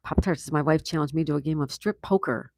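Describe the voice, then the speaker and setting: Gravelly-voiced man reading chat. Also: on the high side, fast, a little mellow, dry recording. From United States. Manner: reads viewer comments aloud and reacts, laughs often. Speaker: livestream host reading chat. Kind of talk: casual live chat.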